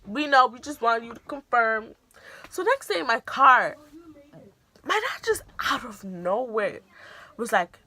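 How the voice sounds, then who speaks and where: Young woman vlogger, casual storytime delivery, animated, bright voice. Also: a little high, measured pace, no echo. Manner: animated, acts out quoted voices. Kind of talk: storytime vlog.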